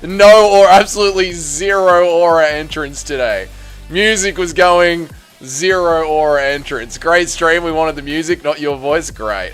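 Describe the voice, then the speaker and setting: An Australian man hosts a casual livestream, chatting and greeting viewers one after another with plenty of slang. His voice is a little high, a little slow and a bit bright, with faint music behind him.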